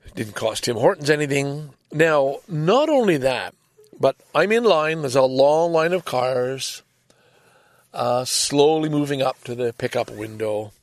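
A man's voice: mid-range voice, expressive, a little slow, dry recording. An older man telling a rambling, exasperated story in a casual monologue, swearing freely. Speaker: vlogger.

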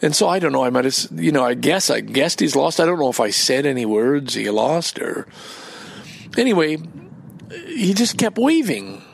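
Gravelly rambling man, profane and indignant. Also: fairly high pitch, very animated, moderate pace. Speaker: vlogger. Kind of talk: casual rambling monologue. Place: outdoors in a park.

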